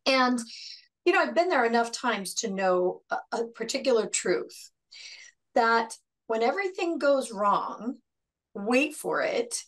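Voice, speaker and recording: American woman co-host, somewhat high voice, calm explainer. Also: unhurried. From United States. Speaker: podcast co-host. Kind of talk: casual explaining.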